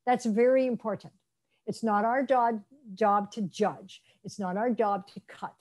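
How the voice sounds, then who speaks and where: A middle-aged woman lectures on interpreting with a mellow, warm tone. She slips into lively role-play, voicing doctors and patients as she explains. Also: mid-range voice, unhurried. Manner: lively, acts out quoted speakers in role-play. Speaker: interpreter trainer. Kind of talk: lecture presentation.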